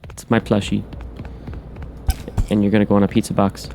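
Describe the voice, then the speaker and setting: A man's voice: fairly low pitch, little pitch movement, moderate pace, gravelly, long pauses, mellow, a little hiss or hum. A man hosting a horror game playthrough, muttering to himself as he works through codes and making wry asides. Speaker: gaming channel host. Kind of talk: let's play commentary.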